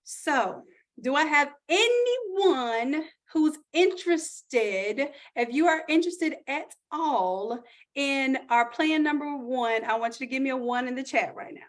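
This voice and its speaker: Upbeat woman pitching on a livestream. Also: animated, unhurried. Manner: chatty, upbeat, pitching offers to chat viewers. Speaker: online course host. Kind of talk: live-stream sales pitch.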